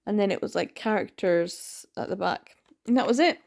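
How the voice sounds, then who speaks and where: A woman's voice: mid-range voice, normal speed, gravelly, darkish tone. A woman chatting casually in a reading vlog, rambling with many ums and laughs, sounding tired. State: tired, yawning. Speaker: book vlogger.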